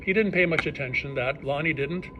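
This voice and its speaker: A rabbi telling stories to a live audience, animated and acting out the people in them. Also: male voice, on the high side, fast, dull audio, background noise. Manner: animated storyteller, acts out characters' voices. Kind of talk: storytelling talk to a live audience.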